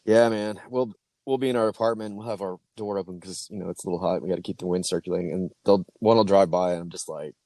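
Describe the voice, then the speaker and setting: A man's voice: low-pitched, fairly even intonation, quick pace, mellow, no room sound. A man co-hosting a podcast, riffing dry jokes in casual chat. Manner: dry joking, riffs on scenarios, chuckles. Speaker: podcast co-host.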